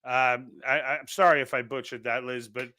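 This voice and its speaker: A man's voice: medium pitch, fairly even intonation, normal speed, sharp tone, dry recording. A man with a New York accent hosting a casual political livestream, reading out chat comments and rambling with frequent restarts. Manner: rambling, many restarts and repeated words.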